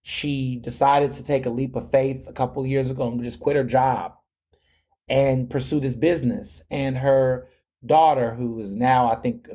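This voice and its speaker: A man's voice: mid-range voice, steady tone, normal speed, dark tone. A young adult man hosting a podcast, telling a long story in a chatty, slangy way with lots of restarts. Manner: chatty, repeats words and restarts often, slangy. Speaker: podcast host. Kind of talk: casual storytelling monologue.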